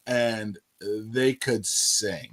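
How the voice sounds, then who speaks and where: A man's voice: lowish voice, very slow, fairly bright tone. Laid-back man with dry quips. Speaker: co-host of a livestream. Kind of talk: casual chat.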